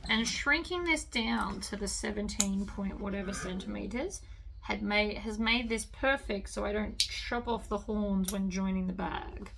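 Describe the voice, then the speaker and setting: A woman's voice: medium pitch, unhurried, vocal fry, noisy background. A woman hosting a sewing tutorial, chatting casually and talking to herself as she stitches, cheerfully pleased with her work. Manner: chatty, talks to herself while working, enthusiastic about her stitching. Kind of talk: relaxed instructional sewing talk. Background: sewing machine running.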